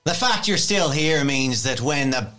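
A man's voice: mid-range voice, animated, a little slow, pushed and bright, faint music behind. A man playing a cocky, mocking tavern brawler. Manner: swaggering, mocking, swears. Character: brash cocky man picking a tavern fight. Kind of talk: in-character tabletop role-play.

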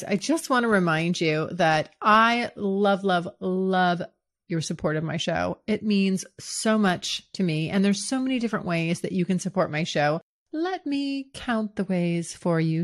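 A woman hosting her own podcast, talking candidly and cheerfully about her dating life with a giggly, upbeat manner. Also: mid-range voice. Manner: bubbly, frank and giggly, with excited bursts. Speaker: podcast host. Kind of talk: candid sex-talk podcast monologue.

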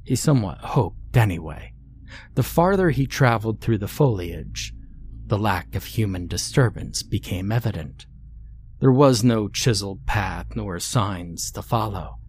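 A man narrating a scary story in a slow, deliberate, ominous scripted reading. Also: on the low side, animated, slight background noise.

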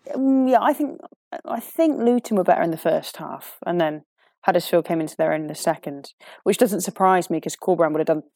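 A woman talks through football matches as a pundit, chatty and opinionated, often sighing and restarting her thoughts. Her voice sits fairly low. The recording is dry and close. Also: brisk, dark tone, no echo. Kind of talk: casual studio punditry.

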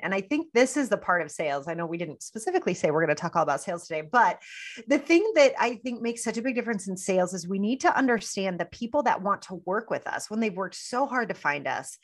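A woman business mentor, a guest on a podcast interview, giving advice in an emphatic, animated, playful coaching tone. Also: medium pitch.

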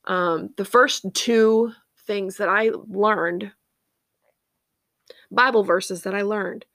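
A woman's voice: mid-range voice, slow, a bit bright, no echo, clean studio sound. A woman in her thirties hosting a faith podcast, talking in an earnest, rambling way with many fillers. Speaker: podcast host.

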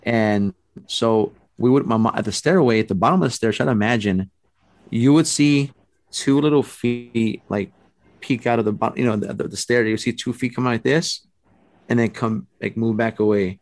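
A man casually telling a long story, rambling and animated, full of fillers. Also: mid-range voice, normal speed, dry recording. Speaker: storyteller guest. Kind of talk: casual chat.

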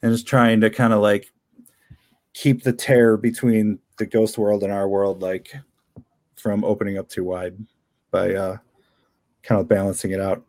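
A man with a fairly low voice talks about his work in a loose, rambling way. He fills his sentences with "like" and "uh" and laughs often as he goes. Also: little pitch movement, normal speed, long pauses, a little mellow. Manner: rambling, chatty, laughs often, many fillers. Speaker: comic book creator. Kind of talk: casual interview chat.

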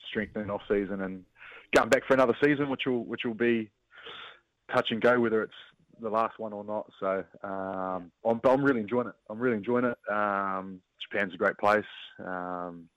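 A New Zealand man in his thirties, a rugby player being interviewed by phone, talking in a relaxed, halting way with many restarts. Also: on the low side, no echo. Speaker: guest, professional rugby player. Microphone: phone line. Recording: dull, dry phone line.

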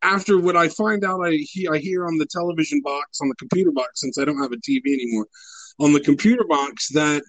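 A man's voice: fairly high pitch, fast talker, dry recording, poor audio. Profane, rambling man in casual chat.

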